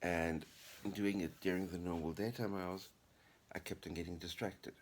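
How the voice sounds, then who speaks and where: A man's voice: low-pitched, fairly even intonation, moderate pace, slight background noise. A middle-aged man vlogging casually to camera, chatty and upbeat with a rambling way of talking. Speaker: vlogger and writer. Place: apartment living room.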